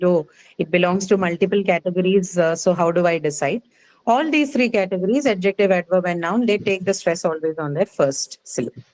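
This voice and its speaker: A woman's voice: medium pitch, darkish tone, rough recording. A woman teaching a class, patiently explaining and checking that students follow with frequent "okay"s. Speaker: English teacher. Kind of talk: live online class lecture.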